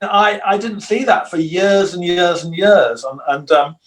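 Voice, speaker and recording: An older man, a guitarist, telling long, rambling stories in a relaxed interview and acting out the voices of people he quotes. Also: sits high, a little slow. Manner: rambling storyteller who acts out quoted voices. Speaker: guitarist guest.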